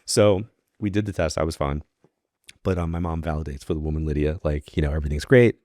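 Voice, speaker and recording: A New York-raised man with a low, deep voice appears as a podcast guest, a psychic medium, telling a story in a relaxed, chatty way. He talks fairly quickly and acts out the lines of the people he quotes. The sound is close and dry, without room echo.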